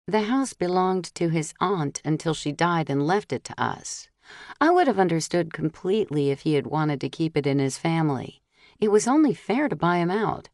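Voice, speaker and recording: Low-voiced woman narrating a story. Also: moderate pace, no echo, clean studio sound. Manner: steady, clear storytelling with voiced dialogue. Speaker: audiobook narrator. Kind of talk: first-person audiobook narration.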